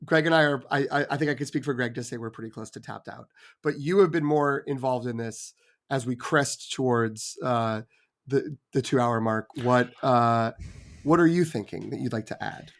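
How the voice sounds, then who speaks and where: A man's voice: medium pitch, normal speed. A man hosting a casual podcast chat. He tells stories at length. He often stammers and restarts his sentences. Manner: rambling storyteller with stammered restarts. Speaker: podcast host.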